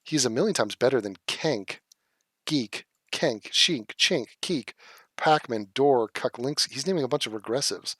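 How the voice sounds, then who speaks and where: A man's voice: medium pitch, lively intonation, unhurried, fairly bright tone, no echo. A man hosting a casual livestream, reading chat comments aloud and answering them in a blunt, profane, scoffing way. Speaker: livestream host.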